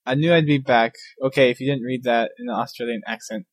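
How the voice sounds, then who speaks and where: A man's voice: mid-range voice, quick pace, no echo. A man co-hosting a gaming podcast, laid-back, reading listener stories with a laugh in his voice. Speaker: podcast co-host. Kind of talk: casual gaming podcast chat.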